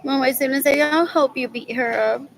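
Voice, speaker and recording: Rambling, scornful higher-pitched woman. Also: fairly even intonation, fairly quick, creaky, a little hiss or hum, rough recording. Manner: rambling, repeats phrases over and over; scornful, muttering disgusted remarks. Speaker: vlogger. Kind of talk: casual rambling monologue to viewers.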